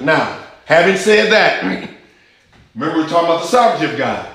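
A man's voice: on the high side, very animated, normal speed, pushed and bright. A man preaching a sermon, teaching scripture with emphasis and asking the congregation questions. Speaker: pastor. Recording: echoey church hall.

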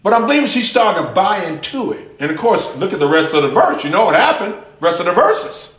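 Animated preacher man, echoey room. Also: high-pitched, quick pace. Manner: animated, conversational, addresses listeners directly. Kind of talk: lively sermon.

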